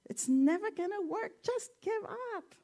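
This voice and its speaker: A woman's voice: very high voice, animated, a little slow, warm tone, pitched above the performer's own voice. A woman voicing a frog who keeps telling the others to give up. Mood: discouraging. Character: discouraging frog at the top of a ditch.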